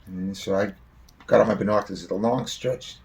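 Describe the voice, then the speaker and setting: Man, low gravelly voice, rambling storyteller who swears freely; faint noise behind. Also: fairly even intonation, brisk, darkish tone. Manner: long-winded, swears freely. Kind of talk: spoken personal anecdote.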